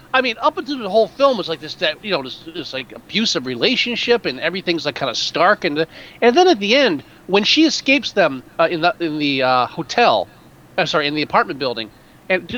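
A man co-hosting a podcast, chatting casually about a film in an animated, rambling way with many restarts. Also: sits high, highs cut off. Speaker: podcast co-host.

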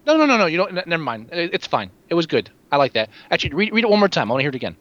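A man co-hosting a movie podcast in casual chat, animated and stammering, reading short poems slowly and dramatically. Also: on the high side. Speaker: podcast co-host. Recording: dull lo-fi recording with background noise.

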